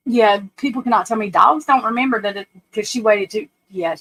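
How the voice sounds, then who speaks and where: A woman's voice: medium pitch, fairly quick, fairly bright tone, rough recording. A woman casually chatting on a live stream, rambling, laughing often and scolding her dog.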